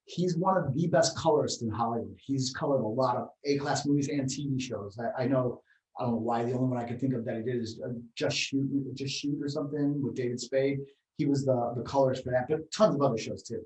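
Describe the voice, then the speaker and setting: A man co-hosting a martial arts talk show, telling rambling, animated stories in casual chat. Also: medium pitch, fairly quick, recorded from a distance. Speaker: martial arts podcast co-host. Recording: roomy, set back from the mic.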